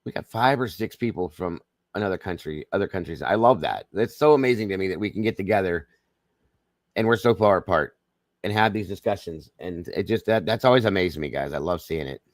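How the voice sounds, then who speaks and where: Greeting each viewer individually with folksy warmth, this livestream host speaks with a Southern American accent, being from the Southern United States. His low voice is animated and fairly quick, captured in a dry, clean studio recording.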